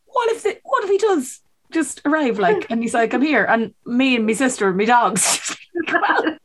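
A young Irish woman co-hosting a podcast, telling stories in animated casual chat, laughing often and swearing. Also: fairly high pitch, moderate pace. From Ireland. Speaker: podcast co-host.

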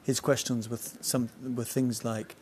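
A man's voice: mid-range voice, flat delivery, moderate pace, a little mellow, slight background noise. A man hosting a solo podcast outdoors on a balcony, chatting casually and wandering off on tangents. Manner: rambling, jumps between tangents. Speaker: podcast host.

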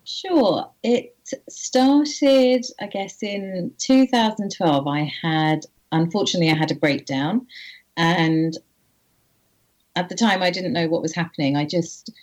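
A woman guest on an interview, candidly telling a personal story in an earnest, halting way with frequent restarts. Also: lowish voice. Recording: slightly muffled audio.

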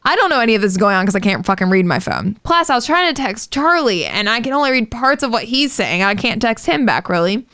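A woman's voice: on the high side, quick pace, hardly any pauses. A woman co-hosting a podcast, telling a story in casual chat with lots of swearing. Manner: animated, profane storytelling. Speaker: podcast co-host.

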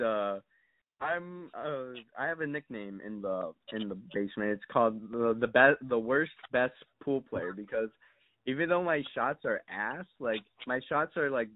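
A man's voice: mid-range voice, no echo. A young man chatting as a podcast guest, telling stories in a rambling, mock-serious way full of fillers and swearing. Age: young adult. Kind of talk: casual podcast chat. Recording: dry, tinny phone-like sound.

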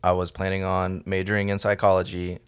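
A man's voice: sits low, completely flat delivery, a little fast, clear, resonant tone. A man co-hosting a casual podcast, dry and sarcastic, swearing casually. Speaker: podcast co-host. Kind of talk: casual chat.

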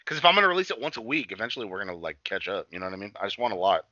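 Animated man swearing on a lo-fi podcast. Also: on the low side, rapid-fire, no echo. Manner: loose, swearing, animated storytelling. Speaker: podcast co-host. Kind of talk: casual chat.

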